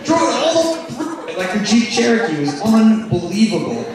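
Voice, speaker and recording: Young man, stand-up comedian, high voice, animated storytelling, distant mic, roomy club. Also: a little fast, over music. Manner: animated, swings into loud shouting impressions. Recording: roomy club sound from a distance with crowd laughter. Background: audience laughing.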